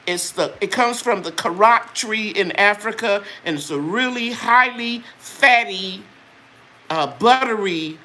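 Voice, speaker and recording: Medium in pitch, her voice comes across pushed and bright. As the older woman hosting this live chat, she speaks to viewers with earnest, preachy religious fervor, sharing her testimony before getting to the products she is selling.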